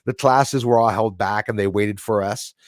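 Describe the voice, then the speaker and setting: A man's voice: on the low side, fairly even intonation, normal speed, no room sound, studio quality. A middle-aged man from Canada hosting a live stream, chatting casually and rambling as he reads viewer comments aloud. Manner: chatty, rambling, laughs often.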